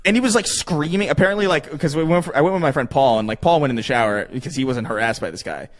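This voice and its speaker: A man's voice: fairly high pitch, fast. A young man telling a story in casual podcast chat, rambling with lots of fillers and swearing.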